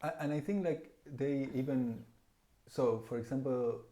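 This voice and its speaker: Guy from argentina guesting on a podcast, easygoing, thinks out loud, lots of "like". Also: medium pitch, a little slow. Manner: relaxed, talks things through with many "like" and "right?". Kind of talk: casual chat.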